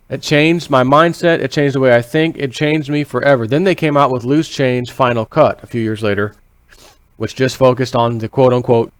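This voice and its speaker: A man's voice: mid-range voice, dry recording. A man from the United States talking in a casual, rambling monologue. He repeats himself, swears casually and acts out inner voices as quoted thoughts. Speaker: vlogger.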